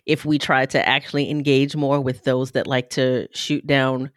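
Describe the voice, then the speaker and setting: A woman's voice: a bass voice, flat delivery, moderate pace, dry recording, studio quality. A woman hosting a podcast who asks questions in a playful conversational way, laughing as she talks. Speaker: podcast host. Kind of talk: conversational interview.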